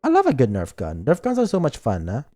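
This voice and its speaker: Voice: medium pitch, huge pitch swings, fast talker, dark tone, faint music behind. Playful streamer reading a story game. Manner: playful, joking asides. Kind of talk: reading a visual novel aloud on stream.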